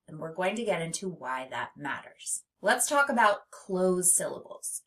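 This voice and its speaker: A woman teaching a phonics lesson, speaking slowly and stretching words out syllable by syllable. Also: on the low side, sing-song, a bit bright. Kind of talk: slow, clear classroom instruction.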